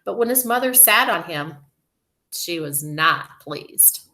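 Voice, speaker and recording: A woman teacher reading a storybook aloud to children, slow, expressive and gentle. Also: fairly low pitch.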